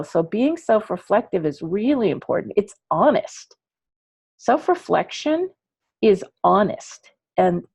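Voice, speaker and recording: Gravelly woman teaching a chatty class. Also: fairly low pitch, no room sound. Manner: chatty, animated, acts out little dialogues. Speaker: ADHD coach teaching parents. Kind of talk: online class lecture.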